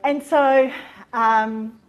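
An older woman with a slightly high voice tells a church testimony to a gathering of women. She speaks as a storyteller and acts out both sides of conversations. She turns fervent when she praises God. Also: fairly even intonation, drawn-out words. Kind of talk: personal testimony sermon.

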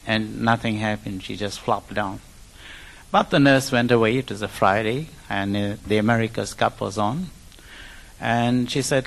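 A man's voice: mid-range voice, vocal fry, low-quality recording. A man from India, giving a personal testimony in church and acting out the people he quotes. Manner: animated storyteller who acts out quoted speech.

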